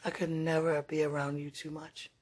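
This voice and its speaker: This speaker's voice is medium-pitched, level, slightly mellow, and at normal speed. In a kitchen at home, they talk casually and lovingly to someone dear, teasing and laughing a lot, captured roomily by a far-off mic with faint noise behind.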